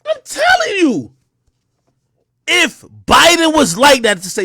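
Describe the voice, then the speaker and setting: A man rants on a livestream in a loose, profane way and breaks into mocking impressions. His voice sits high and swings wildly in pitch. The sound is dry and close, with no room around it. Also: huge pitch swings, slow pace, long pauses, sharp tone, dry recording. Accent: New York. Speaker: livestream host. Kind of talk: unscripted livestream rant.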